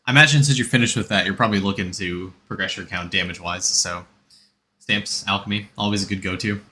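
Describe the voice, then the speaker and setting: A man's voice: low voice, fast, sharp tone, slight background noise. A man streaming a game, chatting casually and rambling as he answers chat and gives game tips.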